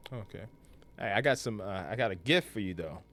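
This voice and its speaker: A man's voice: fairly low pitch, brisk, slight background noise. Playful man commenting on gameplay. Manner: playful, joking, excitable. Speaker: gaming streamer.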